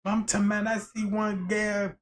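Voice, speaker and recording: A man's voice: high-pitched, monotone, moderate pace, a little hiss or hum. A man on a casual livestream, telling crude, profane stories in slang and acting out the quotes, often asking whether you know what he's talking about.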